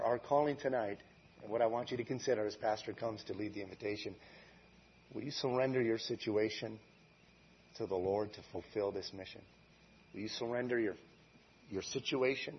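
A man preaching a sermon, telling the story with animated swings from hushed to loud. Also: fairly low pitch, lo-fi sound, slight background noise. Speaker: guest preacher.

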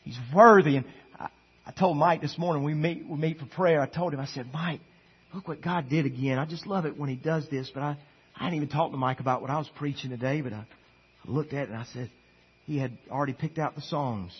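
A man preaching a sermon as pastor, emphatic and swinging between hushed passages and loud declarations. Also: fairly high pitch, a little fast, slightly rough, muffled recording.

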